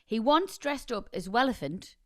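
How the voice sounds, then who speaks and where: A woman's voice: on the high side, sing-song, moderate pace, a bit bright. A woman co-hosting a podcast in casual chat, telling stories and reading listener messages aloud. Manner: chatty storytelling, reads listener messages aloud. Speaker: podcast co-host.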